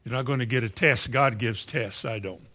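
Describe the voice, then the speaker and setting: An older man preaches a sermon in a church, giving folksy, conversational teaching. His voice sits at an ordinary middle pitch, and he keeps asking his listeners rhetorical questions. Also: normal speed, pushed and bright. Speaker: pastor.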